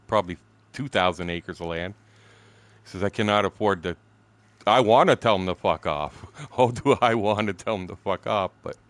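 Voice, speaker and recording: A man's voice: sits low, fairly bright tone, dry recording. A man in his sixties from Canada, telling a story during a game stream in a blunt, profane, laughing way. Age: 60s. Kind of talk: casual storytelling chat.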